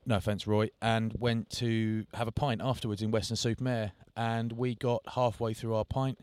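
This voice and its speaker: A man's voice: on the low side, level tone, moderate pace, darkish tone, smooth, dry recording. A middle-aged man co-hosting a podcast, telling self-mocking stories in casual chat. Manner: jokey storytelling, self-mocking. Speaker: podcast co-host.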